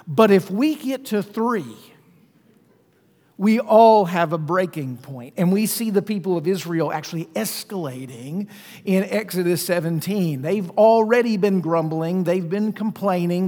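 A man preaching a sermon, praying and then telling a personal story in a relaxed way with frequent restarts. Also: sits high. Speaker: pastor. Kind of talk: sermon with prayer and personal anecdote. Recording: long reverb of a large hall.

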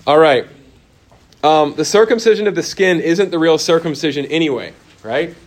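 A man teaching a church Bible course, talking with his class and often dropping to a quiet, emphatic tone. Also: fairly high pitch, normal speed. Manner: conversational, answers class comments, drops to quiet emphasis.

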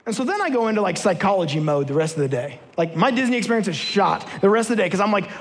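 A man's voice: high-pitched, big pitch swings, fast talker, few pauses, long reverb tail. A man preaching a sermon to his church, telling a personal story and then leading repeated rallying declarations. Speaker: pastor. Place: church sanctuary.

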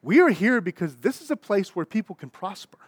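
A young adult pastor, preaching a sermon in a conversational, animated way, with asides and acted-out quotes. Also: male voice, high voice, brisk, husky, no echo.

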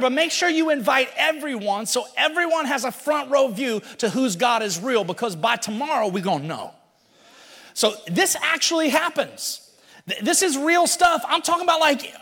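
High-voiced, animated, casual preacher. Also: male voice. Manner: casual, animated storytelling with slang. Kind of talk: sermon. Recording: long hall reverb.

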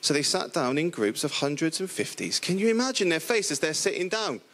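A middle-aged man from the area preaching a lively, playful sermon, acting out the characters in the stories he tells. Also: a little high, a little fast. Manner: playful, animated storytelling with voiced characters.

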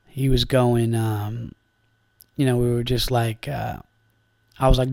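A man's voice: medium pitch, flat delivery, slow, vocal fry, pauses often, darkish tone, no echo, clean studio sound. A man from upstate New York hosting a comedy podcast in casual chat, rambling and profane, with lots of fillers.

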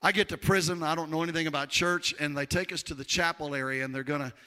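A man preaching a sermon, telling his own story with lively, acted-out voices and loud peaks. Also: a little high, fast. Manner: animated storyteller, acts out voices, shouts at peaks. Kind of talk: testimony sermon.

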